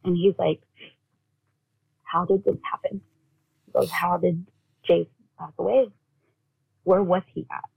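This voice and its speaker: A woman with a gravelly, husky voice tells her own story as an interview guest. She talks in a halting way full of fillers, and she acts out what family members said. The audio is thin and phone-like. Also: fairly low pitch, flat delivery. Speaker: guest, bereaved mother. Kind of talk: personal storytelling in conversation.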